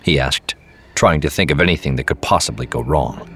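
A man narrates a novel in a measured, steady storytelling voice. His voice is extremely low, with a husky grain. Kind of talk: scripted audiobook narration.

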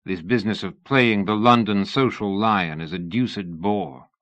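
A man voicing a pompous, sullen middle-aged gentleman who speaks huffily, in an audiobook reading. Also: lowish voice, measured pace, dry recording. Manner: pompous, huffy.

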